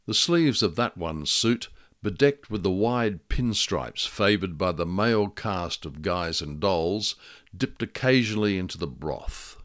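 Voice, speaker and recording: A man's voice: low-pitched, fairly bright tone. A man reading his own first-person noir detective story in a dry, wry manner.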